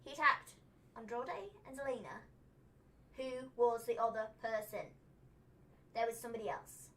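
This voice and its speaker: A young woman with a high, bright voice hosts a casual livestream chat. She is animated and fires off quick questions one after another. Her tone stays conversational throughout. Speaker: wrestling recap host.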